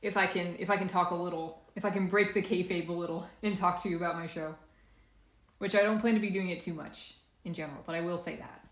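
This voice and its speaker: A woman's voice: fairly low pitch, fairly even intonation, fast, echoey room. A woman chatting casually on a live stream from a laundry room, a bit congested and sniffly, nervous and self-deprecating.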